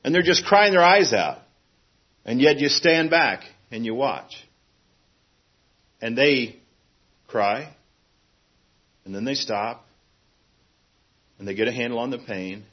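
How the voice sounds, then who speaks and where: Husky-voiced man preaching a sermon. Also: lively intonation, slow, long pauses, muffled recording. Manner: earnest, plain-spoken, acts out a fussing parent with sudden high pitch.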